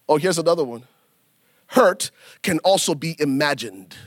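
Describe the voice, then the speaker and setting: Animated high-voiced preacher man. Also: fairly quick, no echo, clean studio sound. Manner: animated preaching with acted asides; folksy, addresses congregation as y'all. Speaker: pastor. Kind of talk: sermon.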